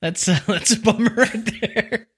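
A man's voice: high-pitched, unhurried, fairly bright tone, husky. A young man co-hosting a podcast, casual and rambling, laughing often between stories. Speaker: podcast co-host. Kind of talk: casual chat.

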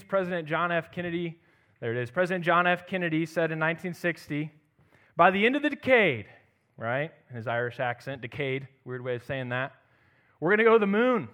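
Emphatic young man preaching a sermon. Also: a little high. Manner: reads scripture then preaches, rising emphatic on key phrases, drops soft at line ends.

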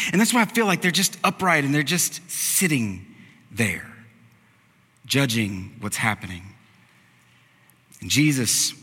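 A man's voice: medium pitch, bright, forceful tone. A man preaching a conversational sermon, acting out the characters' lines as he goes. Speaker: pastor. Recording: preached in a large hall with long reverb.

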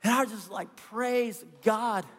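A middle-aged man preaching as a pastor, telling a story in an earnest, animated way. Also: high-pitched, a little slow. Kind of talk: sermon. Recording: long hall reverb with faint music.

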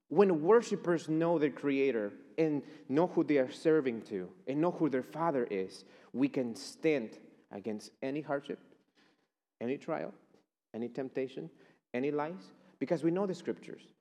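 Animated, emphatic male chapel preacher. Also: a little high, unhurried, in a large hall. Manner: emphatic, declaring. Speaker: chapel speaker. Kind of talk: sermon.

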